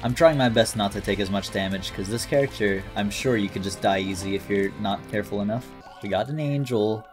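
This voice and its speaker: A man giving casual, excitable commentary while playing a video game, thinking aloud and reading item descriptions. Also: on the low side, a little fast, few pauses. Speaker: gaming YouTuber. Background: game music.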